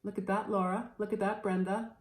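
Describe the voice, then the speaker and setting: A woman in her thirties talks briskly and flatly at a medium pitch while presenting her cross-stitch haul. The chat is casual, playful, somewhat scattered and full of fillers, recorded in an echoey room.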